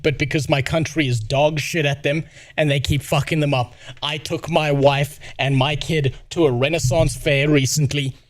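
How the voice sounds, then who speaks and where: A man's voice: on the high side, dry recording, studio quality. A man in his thirties with a South African accent, telling an exasperated, profane story to his stream chat. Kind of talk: casual ranting to stream chat.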